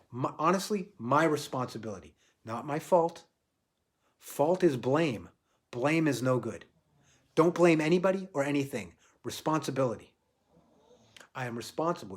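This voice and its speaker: A man giving a reflective spiritual talk on a livestream, repeating phrases for emphasis and dropping to quiet, soft lines. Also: on the high side. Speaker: spiritual teacher.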